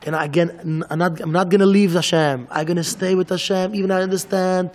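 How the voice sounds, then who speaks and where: Rabbi, high voice, halting and repetitive, long reverberant hall. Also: male voice, fairly even intonation, a little mellow. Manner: halting and repetitive, acts out back-and-forth dialogues. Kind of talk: Torah lecture in English.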